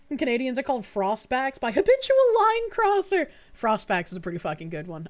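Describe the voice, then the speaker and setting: A woman's voice: on the high side, lively intonation, brisk. A woman from Boston streaming live, reacting to clips with crude jokes and reading out chat messages. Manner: crude, joking, reads chat messages aloud.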